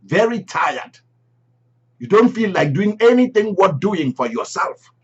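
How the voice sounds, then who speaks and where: Man preacher, emphatic sermon voice, repeats phrases, husky, raised pitch, dull lo-fi recording. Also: big pitch swings, unhurried. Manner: emphatic, repeats key phrases, swings loud and soft.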